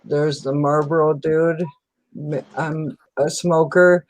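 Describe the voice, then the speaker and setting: Slow-talking rambling chatter, dry sound. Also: medium pitch, little pitch movement, no echo, rough recording. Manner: slow, rambling, silly, hums nonsense words. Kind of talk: casual livestream chat.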